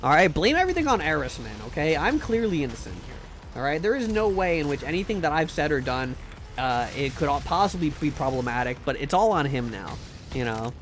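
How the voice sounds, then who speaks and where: A man's voice: on the high side, big pitch swings, brisk. A man streaming a game live, chatting in a rambling, jokey and crude way. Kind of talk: casual gaming stream chat.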